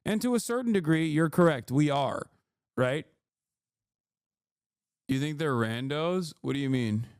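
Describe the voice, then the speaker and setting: A man's voice: fairly high pitch, animated, measured pace, pauses often, a little mellow, clear, resonant tone, dry recording, clean studio sound. Heated, profane male streamer rant. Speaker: livestreamer reacting to news. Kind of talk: angry political rant.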